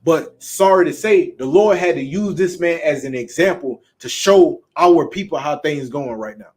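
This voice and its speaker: A man with a Southern US accent preaching bluntly and emphatically, with frequent profanity. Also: sits high. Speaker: street preacher. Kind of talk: preaching talk.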